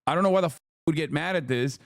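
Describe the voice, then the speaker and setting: A man's voice: fairly high pitch, very fast, no echo, studio quality. A man hosting a live political commentary stream, heated and ranting, swearing often as he answers his chat. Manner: reads chat aloud and answers it. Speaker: streamer host.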